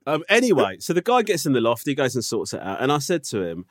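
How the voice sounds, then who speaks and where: Animated man telling a funny story. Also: medium pitch, fast talker, no room sound, clean studio sound. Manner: lively, playful storyteller who acts out others' voices. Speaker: podcast co-host. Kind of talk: casual anecdote chat.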